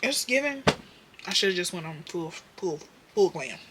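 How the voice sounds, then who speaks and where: A young woman doing her makeup while chatting to her viewers, candid and profane, slipping from muttered whispers into loud bursts. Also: lowish voice, big pitch swings, measured pace, background noise. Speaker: beauty vlogger.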